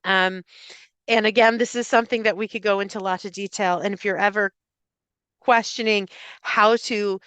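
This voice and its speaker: Irish lady therapist talking to parents, smooth clear voice, dry close sound, lots of ums. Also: medium pitch, fairly even intonation, normal speed, a bit bright, no echo. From Ireland. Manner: clear, explanatory, with frequent fillers and restarts; acts out example phrases in a lifted voice. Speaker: speech and language therapist. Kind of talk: live talk to parents and educators.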